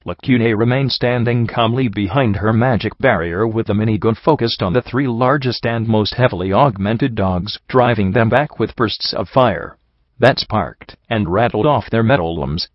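A man reads a story aloud in a steady, even narrating voice that sits low. The sound is dry and close with no room around it, on a dull, lo-fi recording. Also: moderate pace, no echo. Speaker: audiobook narrator. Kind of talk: audiobook narration of fan fiction.

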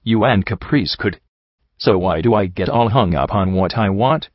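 Here a low-voiced man gives a nervous young pegasus mare in a storybook, hesitant and torn, speaking in an unchanged low register. The sound is dry and a little dull and lo-fi. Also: normal speed, no room sound, close to an everyday voice. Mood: anxious. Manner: hesitant, conflicted. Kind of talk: audiobook reading.

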